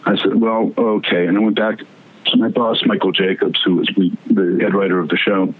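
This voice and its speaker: A man with a fairly low voice tells a long anecdote in lively fashion, slipping into other people's voices as he quotes them. He stumbles and restarts often. The sound is thin and phone-like. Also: a little fast. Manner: animated, acts out quoted voices, many restarts. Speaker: TV producer and guest. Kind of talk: storytelling in conversation. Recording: tinny phone-like line.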